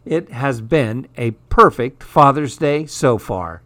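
A man's voice: medium pitch, animated, slow pace, pushed and bright, no room sound. A man reading the lines of a cheerful young girl in a storybook. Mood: pleased.

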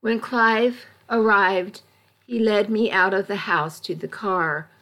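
A woman narrating a first-person story as an audiobook, in a measured, steady storytelling manner. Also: mid-range voice.

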